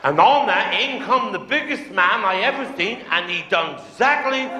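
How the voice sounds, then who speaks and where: A man's voice: high-pitched, animated, normal speed, crowd noise. A Cornish man doing stand-up, telling a crude pub yarn in a broad, earthy way and chuckling along at his own jokes. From Cornwall, England. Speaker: stand-up comedian. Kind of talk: stand-up storytelling on stage. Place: live comedy venue. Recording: echoey hall, 1990s live video.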